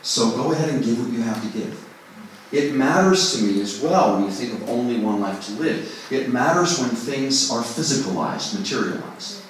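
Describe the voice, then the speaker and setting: Medium in pitch and expressive, a man talks at normal speed with slight background noise, giving an informal songwriting lesson to a group. A distant mic in a very echoey, large room picks him up. He pokes fun at himself, keeps it conversational, and performs inner voices.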